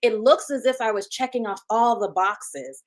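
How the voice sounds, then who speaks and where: A woman's voice: on the high side, animated, normal speed. A middle-aged woman with a Southern US accent talks as an interview guest. She is chatty and folksy, calls her listeners y'all, and keeps the story moving. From Huntsville, Alabama, USA. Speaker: guest, gynecologist.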